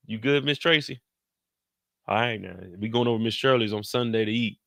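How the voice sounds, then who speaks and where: Bright-voiced man telling a slangy recap. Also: medium pitch, dry recording, studio quality. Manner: slangy, animated, quotes characters in put-on voices; talks slower than in his live streams. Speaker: show recap host. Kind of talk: casual TV recap storytelling.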